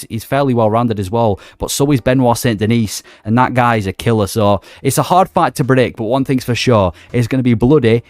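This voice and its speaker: A man's voice: mid-range voice, a little mellow, dry recording. A man giving an enthusiastic, emphatic opinion vlog about fight matchmaking in a casual conversational way. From not Australia. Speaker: MMA commentary YouTuber.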